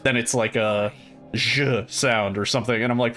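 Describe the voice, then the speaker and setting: A man's voice: mid-range voice, fairly even intonation, moderate pace, fairly bright tone, faint music behind. A man chatting casually and rambling while streaming a game, now and then swearing at it. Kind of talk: casual gameplay chat.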